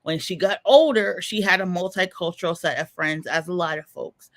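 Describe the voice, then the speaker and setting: A man with a bright, forceful tone co-hosts a podcast and lays out his points emphatically. He stacks examples in lists and repeats phrases to drive each argument home. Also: high voice, moderate pace. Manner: emphatic, explaining with lists and repetition. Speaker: podcast co-host. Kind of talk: explanatory commentary.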